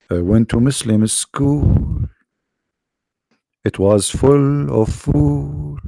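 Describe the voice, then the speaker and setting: A man hosts a live call-in debate, mocking and sarcastic, with his voice worn out after hours of talking. His tone is dark and gravelly, and the sound is dry and close. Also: medium pitch, extremely slow, long pauses, no echo. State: tired, worn-out voice.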